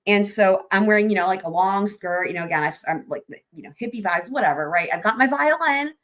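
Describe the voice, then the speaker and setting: A young woman talking casually on a livestream, mid-pitched for a woman. She tells a story with lively energy, laughs often and swears freely. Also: a little fast. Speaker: livestream host.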